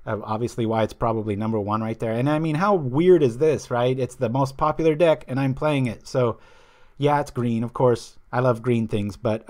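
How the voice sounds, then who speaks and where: Medium in pitch and darkish in tone, this man's voice belongs to a stream host. He chats and rambles as he plays cards and reads viewers' comments out loud, frequently losing track of what he was saying.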